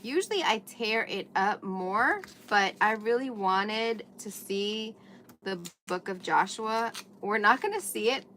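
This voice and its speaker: A woman with a mid-range voice chats to her livestream audience as she crafts with paper and glue at her table under bright indoor lights. There's a noisy background.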